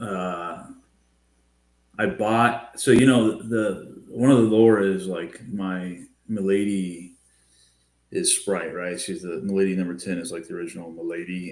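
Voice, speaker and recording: A man calling in as a guest to a livestream, talking in a relaxed, hesitant way with many fillers. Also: low-pitched, reverberant. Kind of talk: casual livestream chat. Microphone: remote call.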